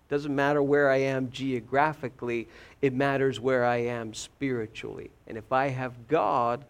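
A man preaching a sermon, telling a story in an animated way, repeating words and joking about himself. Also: mid-range voice, measured pace.

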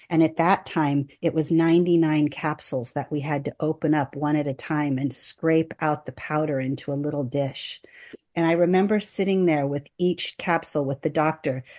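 A woman hospice nurse speaking as a podcast guest, earnest and measured, partly reading aloud from her own book. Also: sits low, darkish tone. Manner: earnest and measured, reads with long list-like pauses.

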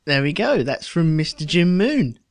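A man's voice: on the high side, sing-song, moderate pace, no echo. Wry man co-hosting a podcast, dry sound. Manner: wry, joking. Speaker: podcast co-host. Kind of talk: casual chat.

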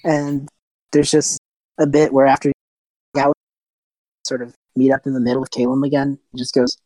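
A man narrating a tabletop game as game master, in a relaxed, loose way full of small fillers. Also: medium pitch, moderate pace, long pauses, dry recording, rough recording.

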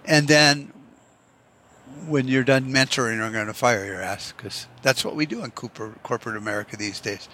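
A man's voice: mid-range voice, moderate pace, sharp tone, slight background noise. Profane rambling man musing aloud. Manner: profane, musing, rhetorical what-ifs. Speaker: vlogger. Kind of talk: rambling casual monologue.

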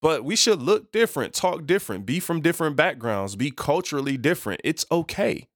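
A man hosting a faith podcast, teaching casually from scripture, rambling and correcting himself, and dropping to a quieter voice for asides. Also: on the high side, sing-song, fairly quick, dry recording, clean studio sound. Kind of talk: casual spoken Bible teaching.

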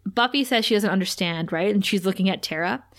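A woman in a relaxed conversational podcast, recapping a TV episode with energy. She talks fast, slips into quoting the characters and laughs readily. Her voice sits at a medium pitch, typical for a woman. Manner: retells scenes quickly, quoting characters, often laughing. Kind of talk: casual chat, animated episode recap.

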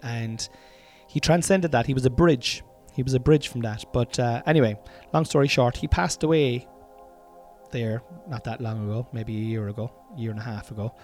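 An Irish man talks through his podcast in a loose, meandering way, restarting sentences and dropping swear words as he goes. His pitch sits in the middle for a man. Faint music plays somewhere behind him. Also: moderate pace, darkish tone. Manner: rambling, self-interrupting, sweary and chatty. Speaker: podcast host. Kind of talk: casual solo podcast monologue. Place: room at home.

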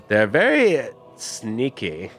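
A man's voice: medium pitch, huge pitch swings, very slow, fairly bright tone, soft background music. A man running a tabletop game as game master, narrating in a casual, chatty way. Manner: casual, chatty, laughing often.

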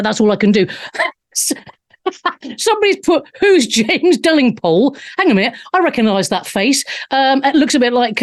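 A woman's voice: a little high, a little mellow. A middle-aged woman hosting a live show, cheekily reading out chat comments. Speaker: show host. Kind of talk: casual live-stream chat.

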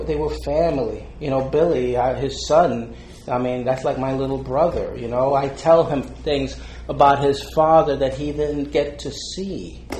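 A man's voice: medium pitch, a little mellow, slight background noise. An older man being interviewed, telling stories in a heartfelt, rambling way with many fillers and frequent laughter. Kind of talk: casual storytelling. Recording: roomy with faint background ambience.

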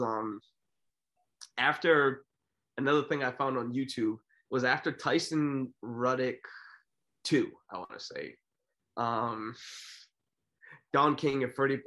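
A man co-hosting a podcast, telling stories in a casual, rambling, animated way. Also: medium pitch. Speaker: podcast co-host. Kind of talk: casual chat.

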